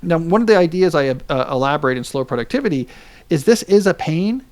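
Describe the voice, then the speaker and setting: A man's voice: fairly high pitch, expressive, a little fast, a little mellow. A man in his forties hosting a podcast, explaining ideas in casual chat with joking asides. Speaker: podcast host.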